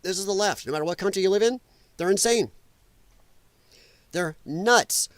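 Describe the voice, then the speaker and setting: Man, political commentary host, live solo rant, exasperated, mocking, profane, high voice, dry sound. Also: normal speed, no room sound.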